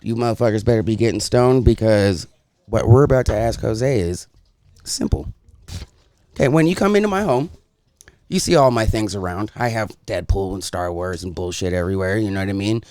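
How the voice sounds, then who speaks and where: A man hosting a casual podcast, talking in a profane, joking, animated way. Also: fairly low pitch, a little fast, no room sound. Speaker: podcast host.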